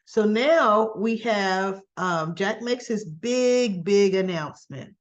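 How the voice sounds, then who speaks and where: A woman casually recapping a soap episode in a chatty, conversational way, dropping quick asides to the listener. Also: medium pitch, animated, highs cut off. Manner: chatty, conversational asides, acts out quoted lines. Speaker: soap opera recap vlogger.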